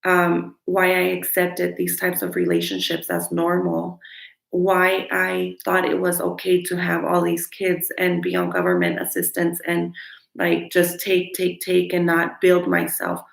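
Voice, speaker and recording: A woman's voice: on the low side, animated, unhurried, creaky. A woman talking to her viewers in an earnest, candid and frank self-help vlog. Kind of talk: motivational self-help talk. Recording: echoey room.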